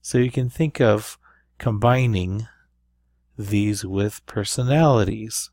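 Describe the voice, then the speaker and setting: A man's voice: fairly low pitch, takes it slowly, a little mellow, dry recording, studio quality. A man teaching a recorded review lesson, explaining patiently with fillers and frequent checks like "right?". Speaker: Spanish teacher.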